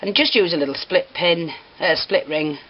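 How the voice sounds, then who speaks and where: Chatty low-voiced woman crafting. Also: moderate pace, breathy edge. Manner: chatty, apologetic, prone to giggling fits. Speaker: craft teacher. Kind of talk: hands-on craft tutorial. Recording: slightly dull home recording with faint hiss.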